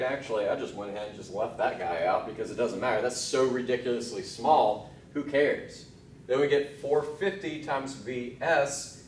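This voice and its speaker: A man's voice: mid-range voice, distant mic, slight background noise. A man giving a recorded engineering lecture, casual and thinking aloud as he works through a derivation. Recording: echoey room, off-mic.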